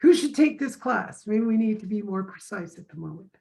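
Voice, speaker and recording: A woman speaking on a video call in a relaxed, conversational way. She tells anecdotes with energy, and she acts out the lines of the people in them. Her voice sits in a middle pitch. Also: brisk, vocal fry, rough recording. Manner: animated storyteller, acts out quoted dialogue. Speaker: course teacher. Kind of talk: casual conversation.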